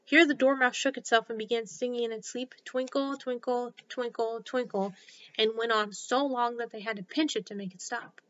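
A woman narrating a classic storybook in a gentle, steady reading voice. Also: a little high, fairly quick, hardly any pauses. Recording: slightly dull lo-fi recording.

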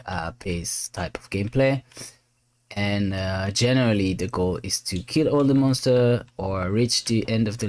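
A man, a game developer, explaining his game in a halting let's-play commentary with many restarts. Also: on the low side, a little mellow.

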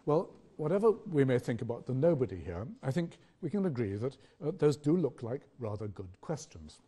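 An older man with a British accent giving an academic public lecture, measured and questioning, with rhetorical pauses. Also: medium pitch, big pitch swings, dark tone, breathy edge.

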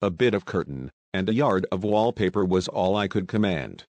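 A man reading a novel aloud as an audiobook narrator, in steady storytelling. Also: low-pitched, moderate pace, no echo.

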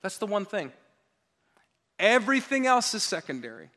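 A male pastor delivering an energetic sermon at a church service, building to emphatic preaching and leading the congregation in call-and-response. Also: high voice, moderate pace.

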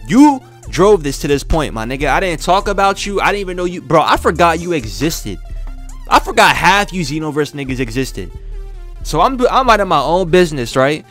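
Animated man ranting profanely. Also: on the high side. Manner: profane, boastful and mocking. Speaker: YouTuber. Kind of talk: trash-talking diss rant.

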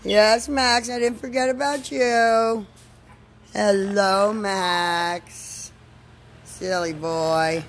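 Slow gravelly farm woman. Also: medium pitch, fairly even intonation, a little hiss or hum. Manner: slow, coaxing talk to animals. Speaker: farm host. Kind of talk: live farm video. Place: outdoors on a farm.

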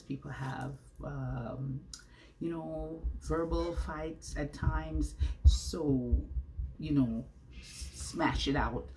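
A woman records a casual vlog at home, speaking straight to her camera under a ring light. Her voice sits low and mellow, and she takes her time. She chats and preaches by turns, firing rhetorical questions at her viewers. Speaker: vlogger. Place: at home, indoors. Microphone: camera facing her, with ring light.

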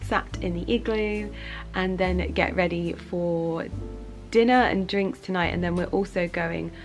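A woman's voice: fairly low pitch, fairly even intonation, measured pace. A young woman, chatting casually to camera in a vlog about her trip. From England. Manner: chatty, upbeat, soft-spoken to camera. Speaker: lifestyle vlogger. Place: glass igloo at night. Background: background music.

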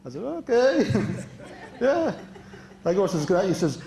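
A man's voice: sits high, big pitch swings, a little slow, creaky, darkish tone, a little hiss or hum. A man doing stand-up at a live club show, telling true stories in a chatty way, laughing at his own lines and quoting people in a raised voice. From Europe. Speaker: stand-up comedian. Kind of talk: stand-up storytelling. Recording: echoey club room.

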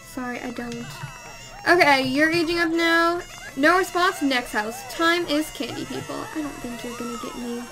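A woman's voice: high voice, normal speed, bright, forceful tone, faint music behind. A young woman chatting casually while playing a life-sim game, exclaiming and scolding the characters. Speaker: let's play host. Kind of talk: casual gameplay commentary.

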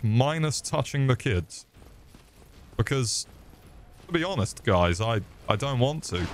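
Sweary man streaming a game. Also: on the low side. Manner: sweary, jokey, yelps in panic. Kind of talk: live game commentary.

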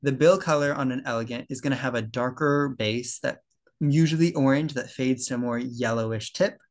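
Gravelly young man presenting slides. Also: mid-range voice, normal speed. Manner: loose and conversational, many fillers and self-corrections. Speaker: presenter at a birding club talk.

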